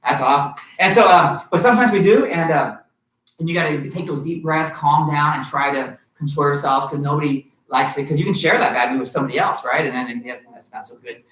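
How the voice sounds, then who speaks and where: A man's voice: fairly high pitch, a little fast, a bit bright. Upbeat man coaching kids, echoey hall. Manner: upbeat, encouraging call-and-response. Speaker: martial arts instructor. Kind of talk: teaching a kids' manners class online. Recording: echoey hall, far from the mic.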